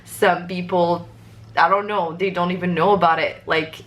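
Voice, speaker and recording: A woman's voice: fairly low pitch, fairly even intonation, moderate pace. Bubbly young Moroccan woman vlogging. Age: young adult. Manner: bubbly, chatty, lots of "like" fillers. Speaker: vlogger, exchange student. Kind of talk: casual chat to camera.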